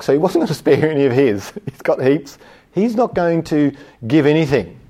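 Pitched on the high side and dark in tone, a man's voice delivers a sermon. He reads scripture deliberately and with emphasis, then talks it through in a plain, conversational way with an occasional chuckle.

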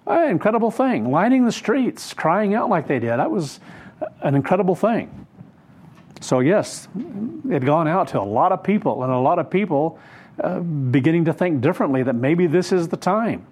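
A man preaching a sermon, retelling a scripture story in an unhurried, emphatic way with frequent fillers. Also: on the high side, animated, darkish tone, breathy edge.

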